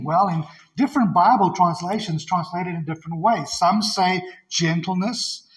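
A man's voice: high-pitched, rough recording. A male pastor preaching an expository sermon in an earnest, emphatic way, often repeating his key phrases.

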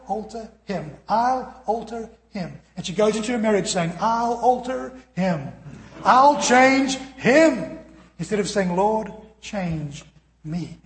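High-voiced preacher in an echoey hall. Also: male voice. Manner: earnest preaching, acting out quoted voices. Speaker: pastor. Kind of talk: sermon.

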